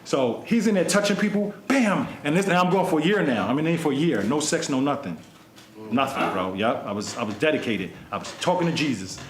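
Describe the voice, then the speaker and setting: A man's voice: a little high, animated, fairly quick, roomy sound. A man hosting a casual podcast, telling stories animatedly and swearing freely. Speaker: podcast host. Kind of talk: casual storytelling chat.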